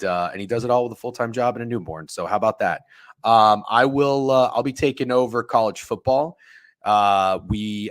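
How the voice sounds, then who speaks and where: A man's voice: lowish voice, fairly bright tone, no echo. Casual man hosting a betting stream, profane and rambling, dry close mic. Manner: loose, profane, chatty, reads chat aloud. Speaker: sports betting show host. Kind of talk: casual livestream chat with viewers.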